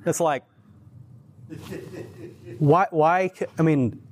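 A man who teaches at church tells faith stories in a casual conversation, earnest and animated, frequently restarting his sentences. His voice sits a little high, and he speaks extremely slowly.

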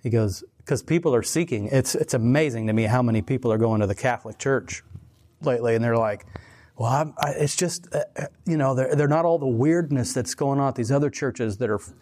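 A man's voice: mid-range voice, fairly quick, a little mellow. A man preaching in a casual, conversational sermon style, telling stories with many restarts and laughing at himself. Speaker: pastor.

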